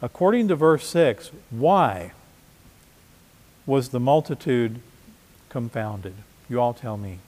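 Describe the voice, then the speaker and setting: A man's voice: mid-range voice, lively intonation, takes it slowly, pauses often, darkish tone, in a large hall. A man preaching a sermon as pastor, conversational, with frequent restarts and repeated words. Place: church.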